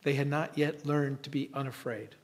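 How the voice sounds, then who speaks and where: A man preaching a sermon in a reflective way, with long dramatic pauses. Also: medium pitch, fairly even intonation.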